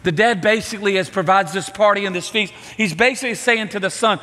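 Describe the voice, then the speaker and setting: A middle-aged man preaching a sermon, telling a story with lively acted-out voices. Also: sits high, fast talker. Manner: animated storytelling, acting out voices. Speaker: pastor. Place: church sanctuary. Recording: reverberant church hall.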